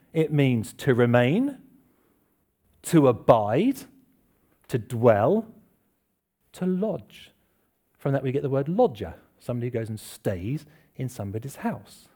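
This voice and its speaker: A man's voice: mid-range voice, a little mellow. A man preaching a casual, chatty sermon to a congregation, asking them questions and joking about himself. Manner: chatty, self-deprecating, asks the congregation questions. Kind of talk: informal church sermon. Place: church hall with congregation.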